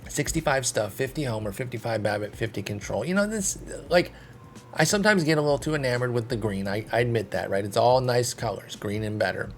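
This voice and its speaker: A man's voice: mid-range voice, brisk, faint music behind. A man casually commenting on a baseball management game, thinking aloud in a chatty, self-deprecating way. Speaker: video game streamer.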